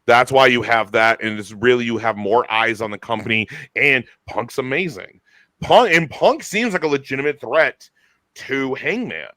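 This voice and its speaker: Man host, casual chat, enthusiastic, bright tone, dry close sound. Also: mid-range voice, no room sound. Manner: animated, enthusiastic, quick restarts. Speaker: podcast host.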